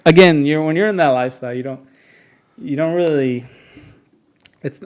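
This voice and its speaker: Rambling man telling stories, slightly high voice. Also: normal speed, darkish tone. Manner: rambling, many fillers and restarts, laughs through stories. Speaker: podcast guest. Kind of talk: casual storytelling.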